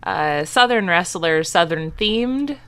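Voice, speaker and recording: Female podcast co-host, playful banter, animated delivery. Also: on the low side, slow. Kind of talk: casual podcast chat.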